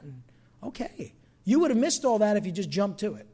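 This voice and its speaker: Preaching a sermon a little fast, a middle-aged New Jersey pastor talks in a high voice with big swings in pitch. His conversational style moves between quiet asides and loud bursts of emphasis.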